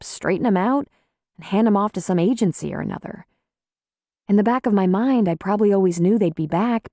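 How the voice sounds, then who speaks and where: A woman's voice: mid-range voice, warm tone, dry recording, clean studio sound. A woman voicing an earnest, troubled city nurse practitioner in an audiobook.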